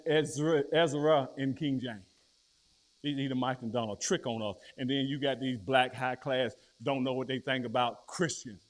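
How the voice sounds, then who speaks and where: A middle-aged man preaches a sermon in plain, colloquial speech. He rises to loud declarations and drops into low storytelling.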